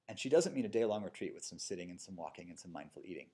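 Husky-voiced man giving a dharma talk. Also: deep voice, animated, rapid-fire, warm tone. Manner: casual, storytelling, tags lines with "right?" and "you know". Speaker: meditation teacher. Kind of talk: dharma talk to a live group. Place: yoga studio with a seated audience.

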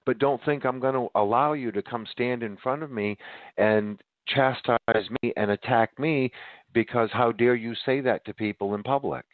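A man's voice: mid-range voice, normal speed, no room sound, phone-quality sound. A man hosting a podcast, preaching emphatically to his listeners and sounding winded. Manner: emphatic, addresses listeners as ladies and gentlemen. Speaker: podcast host. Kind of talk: preaching monologue.

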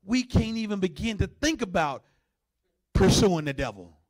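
A male pastor preaching a sermon, swinging between conversational asides and loud, high bursts, sometimes growling to act out a dog. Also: lively intonation, normal speed.

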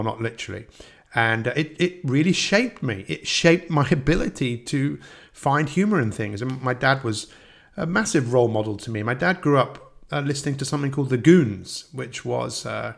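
A man's voice: mid-range voice, vocal fry. A man hosting a podcast, speaking in an earnest, rambling personal monologue and chuckling as he goes. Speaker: podcast host.

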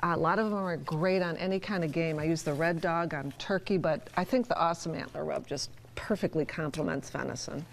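Woman showing a recipe on a cooking show, chatty, a bit low-voiced. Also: fairly quick, gravelly, few pauses. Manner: chatty, demonstrating as she talks. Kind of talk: casual cooking demonstration.

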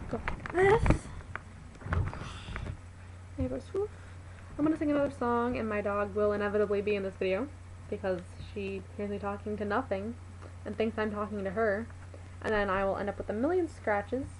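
A woman's voice: fairly high pitch, a little mellow, a little hiss or hum, poor audio. A woman vlogging to her webcam at home, rambling and chatty, exasperated with her pet. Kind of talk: casual talk to a webcam.

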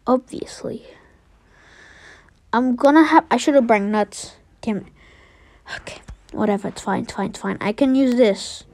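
A young woman giving casual, excitable gameplay commentary, trash-talking and trailing off into mutters. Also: on the high side, normal speed, long pauses, dry recording. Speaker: game streamer.

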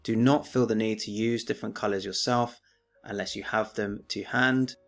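A male teacher gives a remote lesson, reading verse aloud with weight and then annotating it in plain, steady explanation. His voice sits on the low side. Soft music plays faintly underneath. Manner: measured, declaiming the poem, then explaining plainly.

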